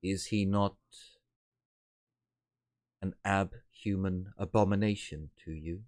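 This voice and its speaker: A game master voicing a soft, noble, elderly-sounding telepathic figure who speaks slowly and formally. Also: male voice, low voice, steady tone. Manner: slow, measured, formal. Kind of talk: tabletop role-play voicing.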